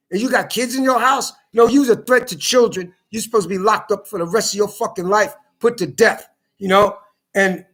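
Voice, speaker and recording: A man's voice: extremely high pitch, a bit bright. A man delivering a heated, profane monologue full of stumbling restarts, as a social media commentator. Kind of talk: ranting monologue.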